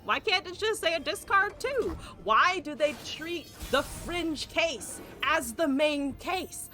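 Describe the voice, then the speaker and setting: A woman's voice: sits high, animated, slow pace, sharp tone, faint music behind. A woman streamer ranting with exasperation while playing a card game, swearing and firing off rhetorical questions.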